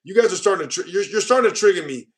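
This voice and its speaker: A man's voice: sits high, expressive, racing. An American man hosting a casual stream, reading viewer comments aloud with mock outrage and calling people bro. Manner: joking, mock-offended, calls viewers bro. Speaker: host.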